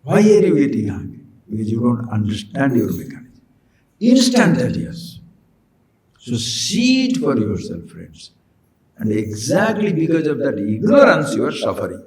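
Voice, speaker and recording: A man's voice: mid-range voice, wildly swooping pitch, normal speed, a little mellow, echoey room, poor audio. A man giving a spiritual discourse, pressing his listeners with rhetorical questions. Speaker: spiritual teacher.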